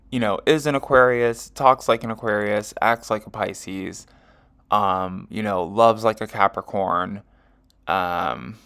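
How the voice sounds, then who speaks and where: A man's voice: lowish voice, creaky, fairly bright tone. A man reading an astrology chart in a casual, rambling monologue, full of fillers and self-corrections. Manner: rambling, heavy with fillers like um and you know. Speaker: astrology and tarot reader.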